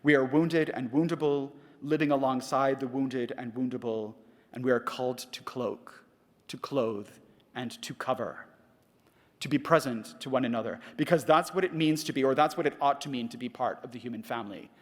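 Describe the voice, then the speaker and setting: A middle-aged man giving a prepared conference lecture, measured and reflective, asking rhetorical questions. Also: mid-range voice. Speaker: conference speaker. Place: large conference hall. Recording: reverberant hall.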